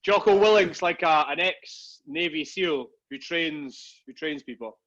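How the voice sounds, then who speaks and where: A man's voice: on the high side, a little slow, fairly bright tone, muffled recording. A man co-hosting a casual podcast, rambling and swearing as he tells stories. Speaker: podcast co-host. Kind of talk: casual banter.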